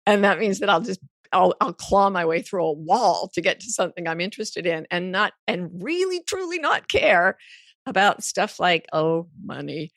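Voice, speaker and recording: A woman in her sixties, a guest on an interview podcast, telling stories in a lively, playful way and swearing freely. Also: on the low side, normal speed, no echo, studio quality. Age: 60s. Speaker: guest author.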